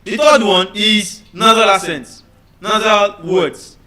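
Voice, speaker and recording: High, bright-voiced male teacher. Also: steady tone. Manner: deliberate, repeats words to drill students, checks understanding. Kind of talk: classroom lecture.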